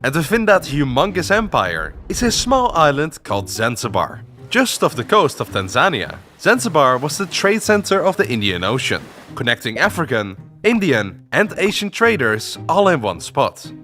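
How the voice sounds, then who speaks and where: A man narrating an animated history video in a playful, scripted storytelling manner. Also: on the high side, moderate pace, few pauses, soft background music.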